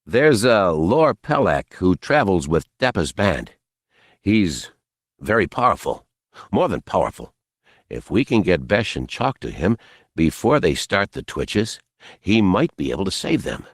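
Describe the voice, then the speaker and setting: A man's voice: sits low, sing-song, unhurried, no echo, studio quality, exaggerated voice. A man voicing a bitter, grim jungle guide. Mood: urgent. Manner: angry and bitter.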